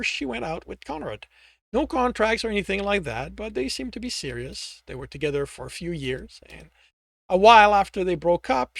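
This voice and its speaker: A man's voice: fairly high pitch, gravelly, a bit bright, no echo, full character voice. Male reader as a chatty, amused male detective in a storybook. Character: amused male investigator, fond of gossip.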